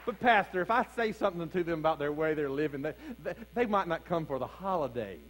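A man's voice: on the high side, expressive, fast talker, fairly bright tone, slight background noise, rough recording. A man preaching a sermon as pastor, calling out to his congregation with rising fervor. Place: church sanctuary.

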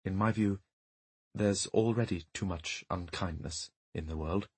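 A man voicing a courteous male mourner who speaks in a careful, measured, formal way. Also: low voice, breathy edge. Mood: guarded.

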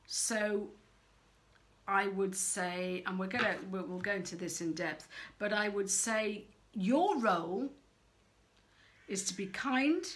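A middle-aged woman giving frank, animated parenting advice straight to camera, acting out quoted voices as she goes. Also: mid-range voice, takes it slowly, long pauses. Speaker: parenting coach. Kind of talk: direct-to-camera advice talk.

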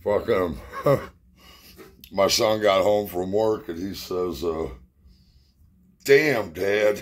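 A middle-aged man with a very low voice spins rambling, cuss-heavy stories from his past. He sounds a little short of breath as he talks, in a loose, casual way. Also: slow, long pauses. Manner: profane, rambling storyteller. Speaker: storyteller. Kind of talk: casual spoken memories.

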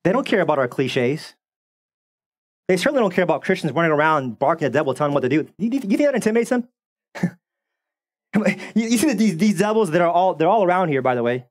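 A man preaching a sermon as the pastor, animated and sarcastic, often repeating words as he builds up. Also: on the high side, fast talker.

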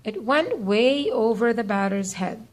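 Slow, measured woman storybook narrator. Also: on the high side, lively intonation. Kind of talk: read-aloud children's story.

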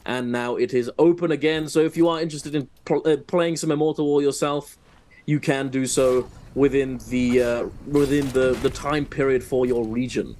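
A man's voice: mid-range voice, a little mellow. A man breaking down a match as a color commentator, his voice in an ordinary middle range. He explains mechanics at length, restarts sentences often, and drops in dry sarcasm. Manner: chatty, explanatory, wry, with many fillers. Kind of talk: analytical esports commentary.

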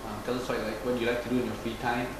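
A man's voice: medium pitch, level tone, racing, lightly acted. A man interviewing a candidate, giving brief prompting questions. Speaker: casting interviewer. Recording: echoey room, audible noise, off-mic.

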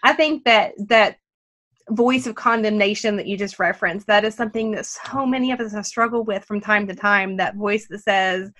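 A woman's voice: medium pitch, normal speed, a bit bright. A woman hosting a faith podcast, talking in an earnest, encouraging way and laughing now and then. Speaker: podcast host. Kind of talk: faith-based podcast conversation.

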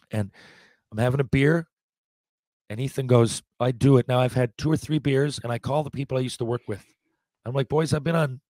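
A man in his forties, a podcast guest, telling lively anecdotes in casual talk, acting out what people said and often restarting his sentences. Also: mid-range voice, no room sound. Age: 40s. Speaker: podcast guest, former hockey player. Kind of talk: casual storytelling.

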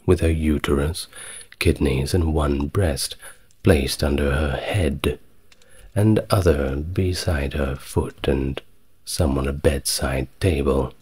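A man giving a calm, soft-spoken ASMR history narration, measured and steady, with wry conversational asides. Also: extremely low pitch, slightly rough.

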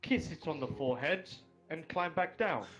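Lively man stumbling through his turn. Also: on the high side, normal speed, faint music behind. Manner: hesitant, restarts often. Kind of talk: casual tabletop role-play.

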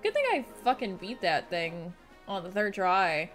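A woman with a mid-range voice talks a little slowly while streaming a video game, cursing freely in her casual commentary. Faint background music accompanies her animated, reactive delivery.

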